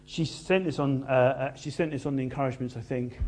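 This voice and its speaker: A man preaching a sermon in an animated, conversational way with playful asides. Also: medium pitch, a little fast.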